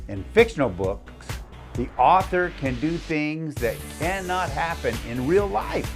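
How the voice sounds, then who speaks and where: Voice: mid-range voice, big pitch swings, slow, faint music behind. An encouraging teacher reading a picture book aloud to young children, stopping to ask them to repeat new words. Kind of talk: interactive read-aloud lesson for young children.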